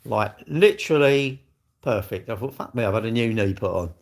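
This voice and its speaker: A man's voice: mid-range voice, expressive, moderate pace, gravelly. An older man chats on his own livestream in a blunt, argumentative way. He swears freely and answers his commenters head-on. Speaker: livestream host. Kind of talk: casual livestream chat.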